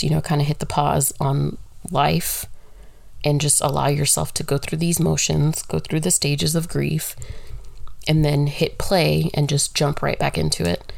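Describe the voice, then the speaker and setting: A woman's voice: sits low, creaky, darkish tone, no echo. A woman talking through a casual solo monologue, candid and rambling, swearing freely.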